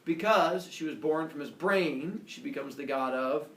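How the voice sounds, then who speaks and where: A man teaching a class, telling a myth in an animated, playful storytelling manner. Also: a little high, a little slow, a little hiss or hum. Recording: echoey classroom from a distance.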